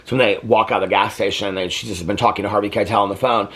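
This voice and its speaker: A man in his fifties hosts a casual movie review vlog in a somewhat low voice. He talks in a chatty, rambling way, heartfelt and open with his viewers. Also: steady tone, very fast, fairly bright tone, slightly rough. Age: 50s. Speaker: host.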